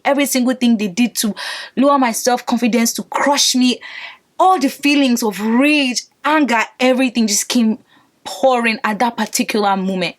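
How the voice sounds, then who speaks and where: A young woman vlogger telling a dramatic storytime to her viewers, emphatic and animated, calling out to them as guys. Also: fairly high pitch. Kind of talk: storytime vlog.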